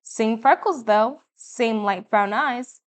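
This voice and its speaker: A proud, triumphant Cuban rebel father, newly home from war, talking in a slow, measured way, as a woman reads him aloud. The voice sits a touch high and does not rush. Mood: teasing. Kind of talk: audiobook reading.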